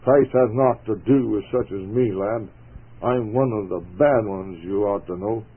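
A man voicing a rough, remorseful soldier who speaks brokenly. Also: fairly low pitch, measured pace. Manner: broken, choked speech. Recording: tinny phone-like radio broadcast.

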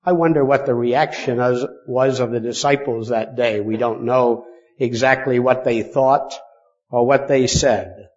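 A man preaching a sermon as pastor, speaking with deliberate pauses and stressing key words. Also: mid-range voice, steady tone, a little mellow, dull audio. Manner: slow, deliberate delivery with pauses for emphasis.

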